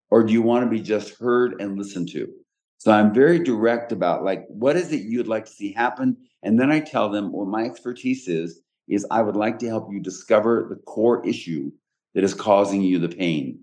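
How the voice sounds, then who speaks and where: A man with a fairly low voice hosts a casual podcast. He explains things plainly and directly, often restarting his sentences as he goes. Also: a little mellow. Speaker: podcast host and coach.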